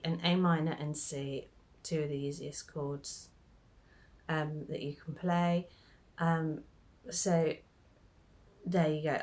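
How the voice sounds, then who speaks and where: A woman giving a casual ukulele chord tutorial, chatting, joking at her own mistakes and singing lines of the song as she plays. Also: low voice. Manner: chatty, self-deprecating, breaks into sung lines. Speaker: ukulele teacher. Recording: ukulele strummed behind voice.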